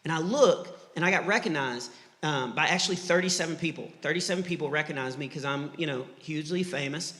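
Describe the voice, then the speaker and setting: A middle-aged man from Texas doing clean stand-up, an animated storyteller who acts out the voices in his stories. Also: on the high side, brisk, slight background noise. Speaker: stand-up comedian. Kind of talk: clean stand-up comedy with faith message. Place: church hall before a live audience. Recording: live church hall reverb.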